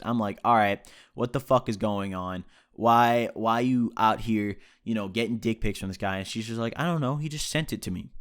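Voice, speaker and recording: A young man from the United States casually telling a personal story to camera, full of slang and swearing, acting out his own reactions along the way. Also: fairly low pitch. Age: young adult. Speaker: vlogger.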